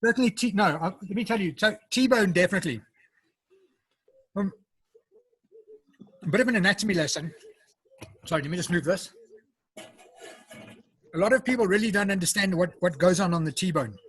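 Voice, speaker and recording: Over a video call, a South African man cooks live and chats casually, explaining every step between bites. His voice sits high, a bit bright and husky, at normal speed with long pauses, and there's no echo.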